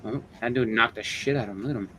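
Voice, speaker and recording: A man's voice: mid-range voice, very fast, pushed and bright, a little hiss or hum. A man co-hosting a casual chat about comic books, joking and acting out silly voices for the covers. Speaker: podcast co-host.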